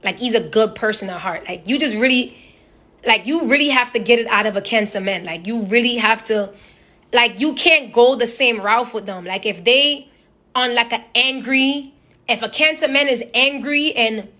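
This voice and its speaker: Young woman, phone live stream, bright high voice, lively profane storyteller. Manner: animated, profane, storytelling with imitated quotes. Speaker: social media personality. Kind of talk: casual live-stream chat.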